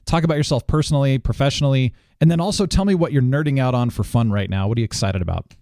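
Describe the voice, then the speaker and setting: A man's voice: mid-range voice, fast talker, dark tone, no echo, studio quality. A man hosting a podcast interview in a casual, upbeat and enthusiastic way, laughing often. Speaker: podcast host.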